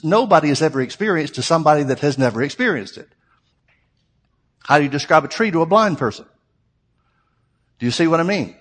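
A man's voice: fairly high pitch, fairly bright tone, big-room sound. A man preaching a sermon, teaching through a Bible passage in a conversational way and asking rhetorical questions.

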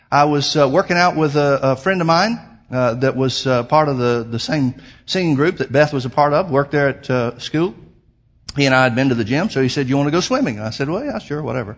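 Emphatic male pastor preaching. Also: a little high. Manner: emphatic, rising to stress key points, then rambling storytelling with fillers. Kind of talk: sermon.

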